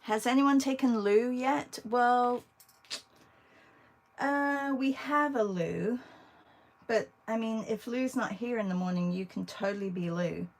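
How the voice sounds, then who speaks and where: A woman's voice: on the high side, slow, poor audio. A woman art teacher chatting casually with viewers while she draws, thinking aloud as she works. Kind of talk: casual livestream drawing demo.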